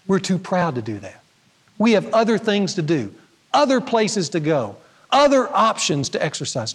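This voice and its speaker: A pastor preaching a sermon, telling a personal story with humor and lively swings between loud and soft. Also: male voice, measured pace, long pauses, breathy edge, long reverb tail. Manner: storytelling with humor, animated swings in pitch and loudness.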